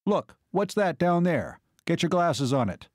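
A man's voice: a little high, big pitch swings, measured pace, no echo, clean studio sound, voice pushed up. A man doing a keen pilot. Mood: urgent. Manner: explaining, then urgent. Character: sharp-eyed male glider pilot, keen.

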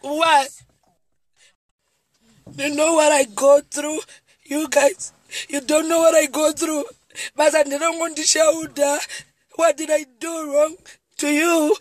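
On a live video recorded with a phone, a Zimbabwean woman comedian is in tears, pleading and repeating herself in an emotional monologue. Her voice is high with a flat delivery, slow and full of pauses, and the recording is dry.

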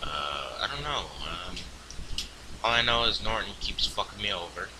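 A man's voice: fairly low pitch, expressive, normal speed, noisy background. Foul-mouthed young man commentating a game. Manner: crude, profane, swings into loud outbursts. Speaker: gaming video host. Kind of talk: casual gameplay commentary.

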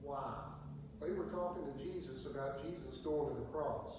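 A pastor teaching a Bible study in a folksy, emphatic preaching manner, slowing for dramatic pauses. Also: male voice, mid-range voice. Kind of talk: sermon-style Bible teaching. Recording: very echoey room heard from a distance with faint noise.

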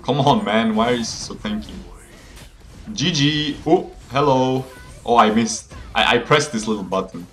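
Laid-back low-voiced male game streamer. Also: a little fast, hardly any pauses, a bit bright, faint music behind. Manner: laid-back, chatty, laughs often, reads chat aloud. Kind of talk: casual live-stream chat with viewers. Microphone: phone game audio with voice mic.

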